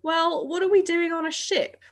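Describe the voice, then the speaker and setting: A woman voicing a startled young boy who asks high, breathless questions. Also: steady tone, normal speed. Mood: bewildered. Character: startled young boy, wide-eyed and bewildered.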